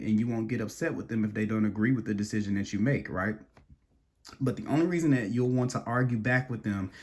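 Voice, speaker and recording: A man's voice: on the low side, darkish tone. A man giving a casual tarot reading, rambling and restarting his words as he talks straight to the viewer. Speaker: tarot reader.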